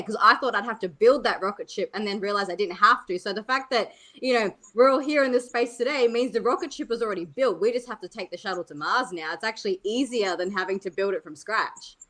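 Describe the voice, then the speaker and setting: A woman's voice: medium pitch, fairly bright tone. Woman on a panel, spiritual healer, chatty and eager, lots of you know and like. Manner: eager and casual, with fillers. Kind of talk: panel discussion.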